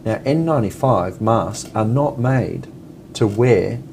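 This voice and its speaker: A Western Australian man co-hosting a casual chat, talking earnestly and haltingly with many fillers. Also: fairly low pitch, expressive, darkish tone, slight background noise. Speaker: co-host.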